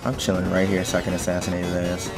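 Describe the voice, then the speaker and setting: A young man giving profane gameplay commentary, muttering to himself and then bursting into yelling. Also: low voice, completely flat delivery, quick pace, over loud music. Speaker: gaming channel host.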